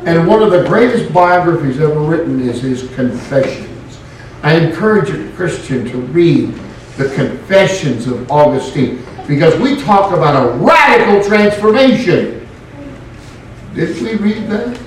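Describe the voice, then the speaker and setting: A male pastor preaching a sermon in an animated way, with joking asides. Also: on the high side, a little slow, a little hiss or hum. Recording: very echoey room, mic far off.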